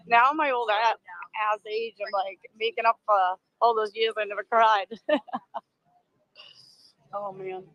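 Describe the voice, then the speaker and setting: A woman's voice: on the high side, takes it slowly, long pauses, a bit bright, no room sound, lo-fi sound. A middle-aged woman with a Boston accent, hosting a casual livestream outdoors on a phone, chatty and emotional, laughing often and greeting viewers. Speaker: livestream host. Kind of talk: casual live commentary. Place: outdoors among a crowd. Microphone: phone on a selfie stick.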